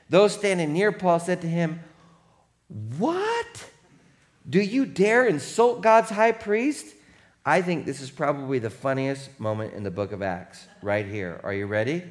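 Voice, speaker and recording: A man pastor preaching a sermon, telling the story in a lively, joking way and putting on quick voices for the crowd. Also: medium pitch. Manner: animated, playful storytelling with mock voices for crowd.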